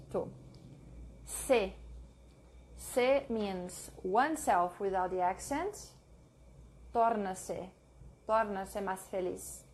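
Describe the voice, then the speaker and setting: Slow, careful woman reading example words. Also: medium pitch, a little mellow, a little hiss or hum. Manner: slow, careful, repeating each example word. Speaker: language teacher. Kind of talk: reading a pronunciation lesson aloud.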